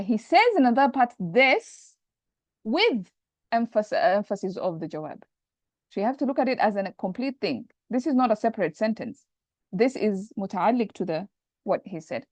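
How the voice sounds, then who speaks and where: A woman's voice: medium pitch, expressive, moderate pace, darkish tone, no room sound. A woman teaching an online grammar lesson, explaining step by step and patiently repeating the key points.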